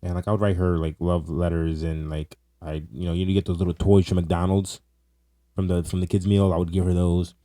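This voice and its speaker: A man's voice: low voice, level tone, a little fast, mellow, no echo, studio quality. A young man co-hosting a casual podcast, teasing his friend and laughing through his own stories. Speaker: podcast co-host. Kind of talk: casual chat.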